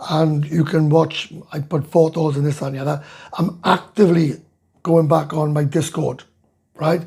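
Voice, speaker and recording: A man's voice: on the high side, dark tone. A middle-aged Welsh man hosting a casual live chat, reading viewer comments aloud and answering in a blunt, sweary, ranting way. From Wales. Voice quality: gravelly, very husky. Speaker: livestream host reading chat.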